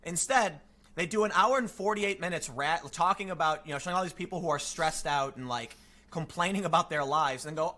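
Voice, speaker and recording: A young man ranting casually as a streamer, animated and sarcastic. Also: on the high side, brisk. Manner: animated and sarcastic, with frequent mocking quotes.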